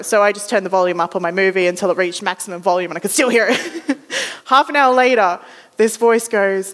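A woman's voice: mid-range voice, a little fast, fairly bright tone. A young Australian woman in her twenties telling a chatty, self-deprecating story as a sermon, acting out the voices she quotes. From Western Australia. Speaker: ministry student preaching. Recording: long hall reverb.

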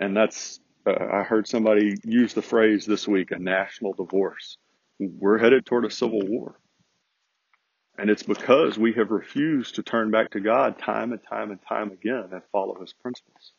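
A man talks through his podcast in an earnest, preachy monologue, calling his listeners folks. His voice sits low and a little husky. The audio is dry and a touch muffled. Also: no room sound. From United States. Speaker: podcast host. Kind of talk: conservative opinion podcast monologue.

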